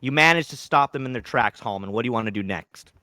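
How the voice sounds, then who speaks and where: Male game master, loose and profane, bright tone, dry close mic, lively pitch swings. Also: fast talker, dry recording. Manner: swearing, laughing, lively storytelling. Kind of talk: narrating a live tabletop game.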